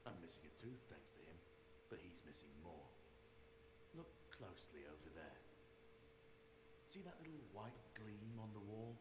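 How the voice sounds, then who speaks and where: A deep, mocking jailer. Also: male voice, big pitch swings, moderate pace, roomy sound. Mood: contemptuous. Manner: mocking, menacing. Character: gruff male jailer taunting a prisoner. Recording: game audio with ambient noise.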